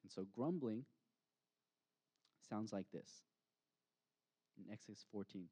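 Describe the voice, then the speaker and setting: A man delivering a sermon from the pulpit, his voice sitting low and warm. He speaks reflectively and reads scripture with slow, weighty pauses. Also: husky. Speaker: pastor.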